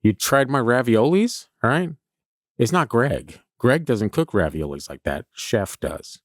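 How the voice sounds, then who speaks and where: A man's voice: medium pitch, sing-song, measured pace, no echo, clean studio sound. A man voicing a self-important male chef who indignantly insists on being called chef. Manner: indignant, insisting on his title.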